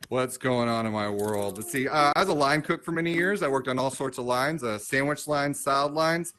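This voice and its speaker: A man in his thirties performing a stand-up set on a comedy club stage, with dry, self-mocking jokes and quick asides to the crowd. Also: mid-range voice, fairly bright tone, a little hiss or hum, poor audio. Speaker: stand-up comedian hosting the show.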